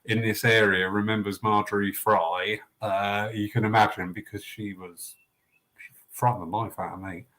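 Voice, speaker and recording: A man hosting a casual discussion, reading out comments and telling lively anecdotes with the odd mild swear. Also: on the low side, moderate pace, low-quality recording. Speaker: host reading viewer comments. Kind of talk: casual chat.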